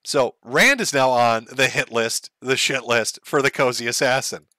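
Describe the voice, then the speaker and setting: A man's voice: mid-range voice, moderate pace, bright, forceful tone, dry recording. A male streamer hosting commentary on clips, sarcastic and profane, often laughing at what he plays. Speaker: streamer host.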